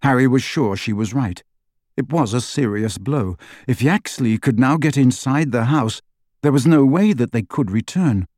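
A man's voice: medium pitch, moderate pace, darkish tone, dry recording. Man with a dry, close narrating voice. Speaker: audiobook narrator. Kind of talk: scripted narration.

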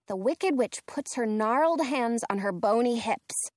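A woman reads a children's storybook aloud, slowly and with a lively, rising and falling voice. Her voice sits a little high, and the sound is close and dry. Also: no room sound. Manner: expressive, lively delivery. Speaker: narrator.

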